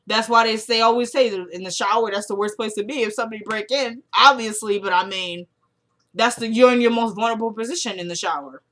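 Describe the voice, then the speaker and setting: A young woman casually recapping a TV episode, retelling the scenes by quoting the characters and getting loud and excited at the twists. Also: a little high, quick pace. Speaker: TV recap vlogger.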